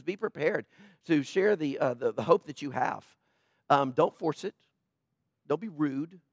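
A pastor preaching a sermon with passion, swinging between loud emphatic lines and soft, intimate asides. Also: male voice, sits high, no echo, clean studio sound.

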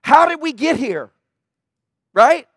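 Male pastor, high voice, urgent emphatic sermon delivery in church, dry close sound. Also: very animated, slow, fairly bright tone, no echo. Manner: urgent, emphatic preaching with repetition.

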